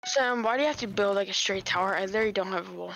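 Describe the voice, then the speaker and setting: A young woman chatting with a teammate during a video game, excitable and self-mocking. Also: medium pitch, racing, gravelly, lo-fi sound, a little hiss or hum. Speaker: gaming teammate. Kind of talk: casual gaming chat.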